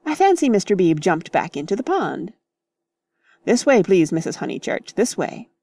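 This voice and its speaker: A woman's voice: mid-range voice, big pitch swings, moderate pace, mellow, no echo, distant mic. Woman narrator doing pompous young gent, curt and commanding, dry studio.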